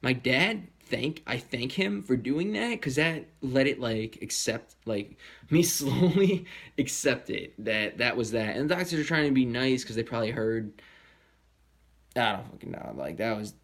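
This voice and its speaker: A young man telling a personal story in a candid, rambling way, swearing often and jumping into high voices when he quotes people. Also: lively intonation, measured pace, creaky, fairly bright tone. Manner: slips into high-pitched voices when quoting others.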